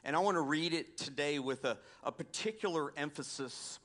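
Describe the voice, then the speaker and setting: A Southern American pastor preaches a sermon that includes prayer and scripture reading. His voice is fairly high and a bit bright at a normal speed, and he keeps things folksy and conversational, with asides to the congregation.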